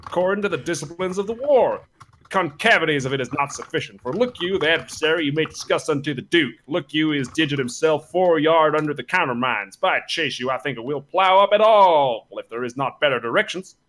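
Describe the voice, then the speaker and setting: A man's voice: lively intonation, fairly quick, a bit bright. A man playing a fussy, pompous army captain in a comic Shakespeare read-through over a voice call. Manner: pompous, repeats "look you", raised pitch. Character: blustering Welsh army captain, male, fussy and pedantic.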